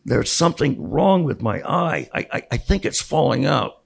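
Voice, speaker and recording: A man's voice: fairly high pitch, big pitch swings, moderate pace, creaky, breathy edge, pitched above the performer's own voice, full character voice. A man doing a prankish theatrical father. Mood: mock panic. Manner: hammy mock panic. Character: prankish middle-aged father, theatrical joker.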